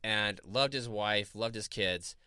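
A man's voice: lowish voice, takes it slowly, pushed and bright, clean tone, no echo, clean studio sound. A man in his thirties from Florida, co-hosting a podcast and telling laid-back stories with frequent laughter. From Florida, USA. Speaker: podcast co-host. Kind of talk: casual chat and storytelling.

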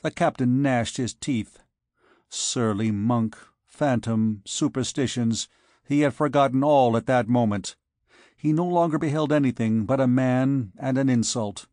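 Male audiobook narrator, slow measured delivery, dry studio sound. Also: mid-range voice, a little mellow, dry recording. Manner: measured, unhurried reading. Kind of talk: scripted narration.

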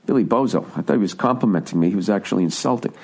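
A man's voice: lowish voice, racing, vocal fry, darkish tone, breathy edge. A middle-aged man hosting a podcast, riffing through a profane, comic monologue and often stopping to correct himself. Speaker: podcast host. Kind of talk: rambling comedic monologue.

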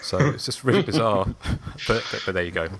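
A man's voice: fairly low pitch, lively intonation, brisk, a bit bright. A man from Surrey with a slightly posh southern English accent, casually chatting as a podcast co-host and rambling through stories. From Surrey, England. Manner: meandering, self-deprecating storytelling. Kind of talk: casual chat.

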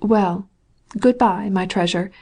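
A woman reading the part of a fashionable, sarcastic society princess who flatters with an ironic, gushing manner, in a storybook reading. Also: mid-range voice, slow pace, breathy edge. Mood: earnest.

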